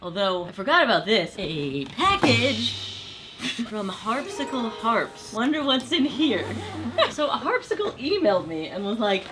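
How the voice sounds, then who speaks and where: A woman's voice: fairly high pitch, sing-song, measured pace. Chatty woman over backing music. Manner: chatty, playful, jumps between ideas. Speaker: music video host. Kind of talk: casual music commentary. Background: music playing under the voice.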